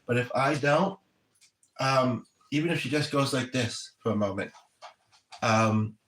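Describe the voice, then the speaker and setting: Earnest, rambling man, medium-pitched, off-mic in an echoey home room with faint background noise. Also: a little slow, fairly bright tone. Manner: rambling, self-interrupting, earnest. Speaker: spiritual medium relaying messages. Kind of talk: casual livestream chat. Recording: roomy echo, distant from mic, faint noise.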